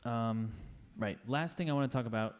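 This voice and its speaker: A man's voice: medium pitch, normal speed, smooth. A man giving a casual, playful talk to a live audience, chatty and acting out little scenes in voices. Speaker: conference speaker.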